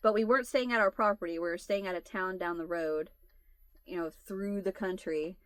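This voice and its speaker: A woman's voice: lowish voice, a little fast, dry recording. A woman in her forties telling a long funny family story to her viewers in casual chat, laughing her way through it. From United States. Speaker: channel host.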